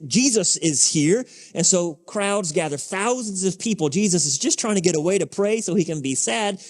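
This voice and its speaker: A man preaching from the pulpit of a church, and his fairly high voice rings out with a long reverb tail across the sanctuary. He tells the story conversationally and often stops to ask the congregation rhetorical questions. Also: a little mellow. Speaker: pastor. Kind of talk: sermon.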